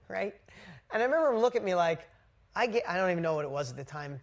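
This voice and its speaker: A woman business coach telling a motivational story to a live group, energetic and blunt, swearing casually. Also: on the low side, fast, pauses often.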